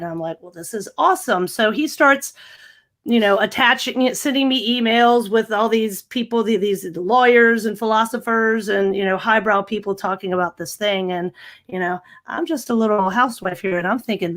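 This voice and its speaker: A woman's voice: medium pitch, normal speed. Chatty woman. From American South. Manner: chatty and animated, laughs often, many fillers. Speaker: podcast guest. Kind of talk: casual podcast interview.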